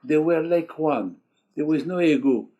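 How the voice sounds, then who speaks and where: A man's voice: fairly high pitch, expressive, unhurried, mellow, muffled recording. An older man preaching a sermon as a rabbi, emphatic and repetitive, in broken English peppered with Hebrew terms. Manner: emphatic, repeats key phrases, sprinkled with Hebrew terms; speaks English as a second language, broken grammar.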